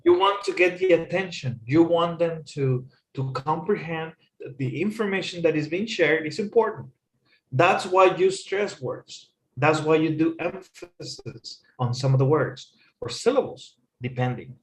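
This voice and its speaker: A man, teaching an English lesson with slow, careful explanations. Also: on the high side. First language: Spanish. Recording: echoey room.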